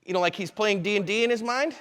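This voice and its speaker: A man teaching a live seminar, energetic and conversational, with quick asides to the audience. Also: sits high, long reverb tail. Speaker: self-defense instructor. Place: convention hall seminar room.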